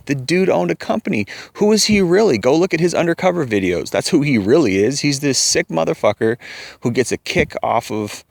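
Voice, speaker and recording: A man's voice: mid-range voice, animated, a little fast, gravelly, a little mellow, no room sound. Young guy ranting into his mic, swears a lot, voice jumps all over, dead dry room. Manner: heated, profane, rambling with restarts. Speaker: vlogger. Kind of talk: ranting commentary.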